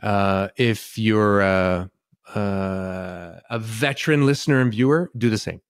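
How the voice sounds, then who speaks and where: A man with a fairly low voice opens his podcast. He fills his pauses with "uh" and jokes at his own expense. The sound is dry and close. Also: dry recording. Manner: self-deprecating, hesitant, many fillers. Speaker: podcast host. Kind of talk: show intro and plug.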